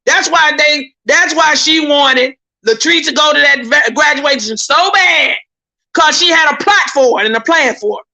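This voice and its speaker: Speaking at a moderate pace, a woman with a high-sitting, sharp-toned voice gives heated commentary on a YouTube live stream. She's indignant and preachy, repeats herself, stammers when she gets worked up and calls out to her viewers.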